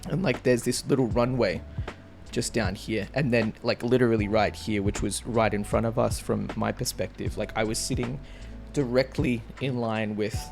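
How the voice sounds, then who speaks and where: A man in his twenties chatting excitedly and casually as a vlogger, full of slang like bro and dude. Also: on the low side, normal speed, gravelly, faint music behind. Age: 20s. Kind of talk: casual chat.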